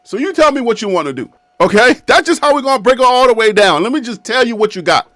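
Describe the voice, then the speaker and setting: Man, 50s, sports commentator, high voice, emphatic, repetitive, talks straight to the team, dry studio sound. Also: very animated, fast, fairly bright tone, no room sound. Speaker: sports video host. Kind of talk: casual sports commentary to camera. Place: his own studio, seated.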